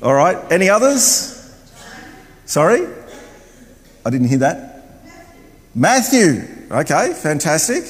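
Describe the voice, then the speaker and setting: An older man preaching a sermon in a church, loud and chatty, wandering about as he talks. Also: a little high, very animated, measured pace, long pauses. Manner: loud, chatty, wanders around while talking. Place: church hall. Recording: long hall reverb.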